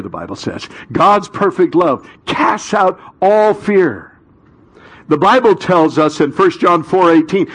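A male pastor giving an animated sermon to a congregation, with rhetorical questions and dramatic pauses. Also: fairly high pitch.

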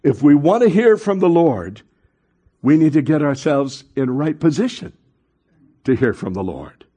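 Male pastor, sermon, husky voice, high and lively pitch, acts out story voices, call-and-response. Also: unhurried. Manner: animated, call-and-response with congregation.

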